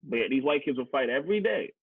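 With a gravelly, breathy, medium-pitched voice, a Canadian man talks fast and expressively through candid personal stories. He's blunt and emphatic, swearing and repeating words for stress, an adult past teachers college, in a dry, tinny, phone-like recording with no room sound.

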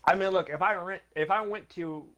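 A man's voice: sits high, a little fast, a bit bright, dull audio. A young man hosting a casual comedy podcast, joking and often laughing. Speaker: podcast host.

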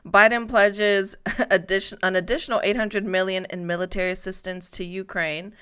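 A woman's voice: mid-range voice, fairly even intonation, moderate pace, fairly bright tone, clear, resonant tone. A woman hosting a casual talk show, chatty and laughing often as she reads headlines.

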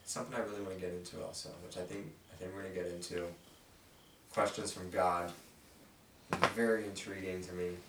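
Low-voiced man leading a roomy Bible talk. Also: fairly even intonation, a little fast, background noise. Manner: loose and conversational, reads scripture aloud then stops to ask the group questions. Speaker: Bible study leader. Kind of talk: casual Bible study discussion. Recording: roomy and distant from the mic.

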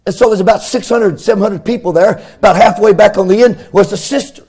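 A middle-aged pastor, preaching a fervent sermon in a sing-song cadence that swells into shouts. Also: male voice, high-pitched, fast talker, husky.

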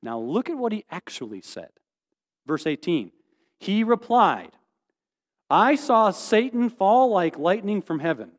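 A man preaching a sermon, his fairly high voice jumping all over as he acts out voices and quizzes the congregation. The sound rings with a long reverb, as if from a church hall. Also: unhurried. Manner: animated, acts out quoted voices, asks the congregation questions. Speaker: pastor.

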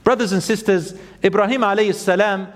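A man preaching an animated storytelling sermon, acting out quotes and chanting scripture. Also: high-pitched, fairly quick. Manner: animated, acts out quotes, chants Quran verses. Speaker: Islamic preacher. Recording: long hall reverb.

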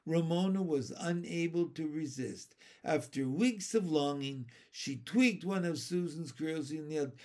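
A man narrating a children's book aloud with steady, expressive storytelling. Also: a little high, measured pace, hardly any pauses.

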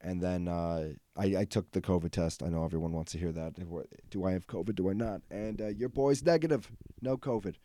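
Young male podcast host, low mellow voice, rambling and profane, dry close recording. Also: fairly quick, few pauses, dry recording. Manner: rambling, profane, heavy on fillers. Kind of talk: casual comedic monologue.

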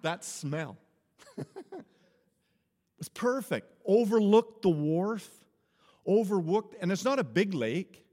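A man, a pastor, telling a humorous personal story in an animated sermon. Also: high voice, slow, long pauses. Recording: echoey hall.

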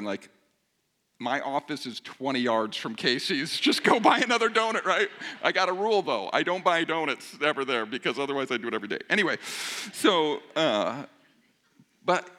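Middle-aged male pastor, slightly high voice, very expressive, self-mocking storyteller in a sermon. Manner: animated, self-mocking, joking with the congregation.

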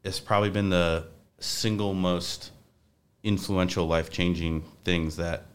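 A man's voice: low-pitched, fairly even intonation, measured pace, a little hiss or hum. A young man, a podcast guest, talking casually in a rambling way with many restarts. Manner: rambling, restarts often, says like a lot.

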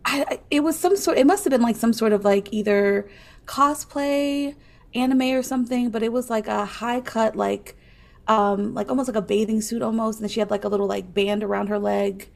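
A woman's voice: on the high side, fairly even intonation, moderate pace, gravelly. A woman co-hosting a podcast, chatting in a hesitant, rambling way full of fillers. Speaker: podcast co-host. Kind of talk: casual chat.

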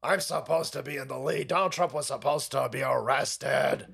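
A man putting on a sulking, grumbling male politician in a low mutter. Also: fairly even intonation, moderate pace, vocal fry, a bit bright, husky, exaggerated voice.

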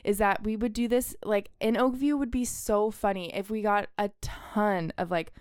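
A woman's voice: medium pitch, fairly even intonation, moderate pace, a little mellow, smooth, no room sound, studio quality. A woman co-hosting a podcast, chatting casually with a rambling, filler-heavy way of talking. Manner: rambling, lots of "like", laughs easily. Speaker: podcast co-host. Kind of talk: casual chat.

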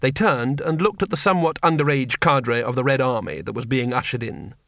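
A man narrating an audiobook in a wry, expressive storytelling manner. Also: medium pitch, fairly quick, dry recording, clean studio sound.

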